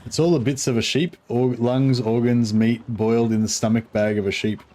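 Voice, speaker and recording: A man's voice: medium pitch, fairly even intonation, moderate pace, dark tone. A man chatting casually on a game livestream, rambling, chuckling and reading chat aloud. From Australia. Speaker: streamer. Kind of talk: casual live-stream chat.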